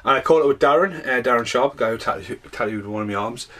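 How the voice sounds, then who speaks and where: A man's voice: medium pitch, fast, a bit bright. A man, talking casually to camera in a rambling, sweary way at home. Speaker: vlogger. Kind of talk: casual ranting vlog. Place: at home indoors. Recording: roomy echo.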